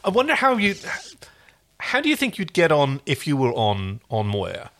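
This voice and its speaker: Male podcast co-host, bright forceful tone, enthusiastic casual chat. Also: a little high, huge pitch swings, moderate pace. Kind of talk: casual chat and story reading.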